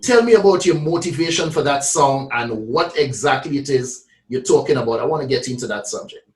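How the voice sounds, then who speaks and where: A man's voice: mid-range voice, animated, brisk, roomy sound, distant mic, faint music behind, low-quality recording. A man interviewing a songwriter, asking questions in careful, slightly grand wording. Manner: articulate, slightly grand phrasing.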